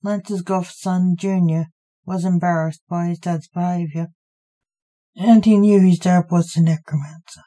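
A woman narrates a short fantasy story in a measured, even way. Her voice is low-pitched and mellow. She reads slowly. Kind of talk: scripted narration.

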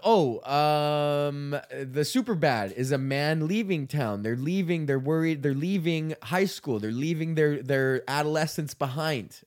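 A man's voice: on the high side, unhurried, few pauses. A man hosting his own show, ranting loosely, swearing and laughing as he goes. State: sick. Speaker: podcast host. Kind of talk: casual rant.

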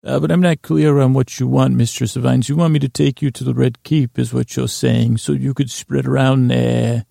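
A man's voice: mid-range voice, steady tone, vocal fry, dark tone, no echo, clean studio sound. A man doing Tommen, a stammering boy king. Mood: earnest. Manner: halting, stammering and childishly earnest. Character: naive, whiny boy king, earnest and rambling. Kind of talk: improvised comedy voice acting.

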